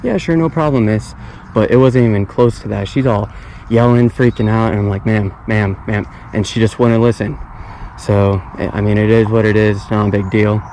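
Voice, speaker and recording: A man's voice: on the low side, flat delivery, brisk, dark tone, a little hiss or hum, rough recording. A young man filming a fishing vlog outdoors at a pond on an action camera, talking in a laid-back, chatty way and often repeating himself. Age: young adult. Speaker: fishing vlogger. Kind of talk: casual vlog commentary.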